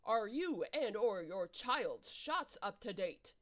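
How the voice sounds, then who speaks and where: A creepy worm monster from a webcomic, as a woman puts it on, speaking with mock courtesy and cheerful menace. The voice is a notch above the reader's own, loud and fairly lively, kept in the ordinary middle of a female voice. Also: mid-range voice, takes it slowly. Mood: mock-polite. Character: sinister needle-like worm monster.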